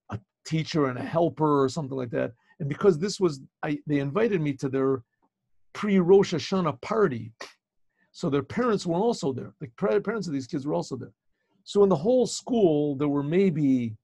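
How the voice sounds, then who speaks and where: Gravelly-voiced rabbi telling a story. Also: male voice, a little high, no room sound. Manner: animated, restarts and repeats phrases. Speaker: rabbi and teacher. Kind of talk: storytelling talk. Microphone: video call.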